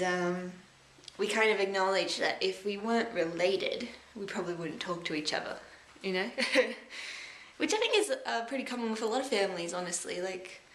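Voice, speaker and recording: A young Australian woman rambling reflectively into a personal vlog, halting often with fillers as she thinks aloud. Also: mid-range voice, a bit bright. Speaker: vlogger. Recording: echoey room with faint background noise.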